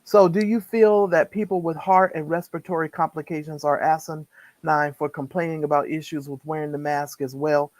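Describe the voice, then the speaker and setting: A woman's voice: low voice, steady tone, moderate pace, a little mellow, dry recording, rough recording. A woman co-hosting a live-stream chat show, talking in an emphatic way and repeating words when worked up. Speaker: co-host. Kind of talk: casual live-stream commentary.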